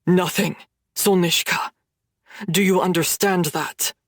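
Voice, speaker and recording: Casting: woman doing a low, growling menacing man in an audiobook, slow deliberate delivery. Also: steady tone, no room sound, clean studio sound. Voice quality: growling, rasping.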